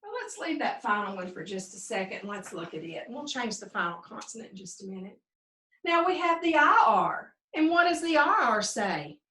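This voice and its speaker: A woman's voice: a little high, very animated, sharp tone, far from the mic. Sing-song woman teaching phonics, roomy. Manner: slow, drawn-out sounding out of words. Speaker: second grade teacher. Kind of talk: phonics lesson for young children.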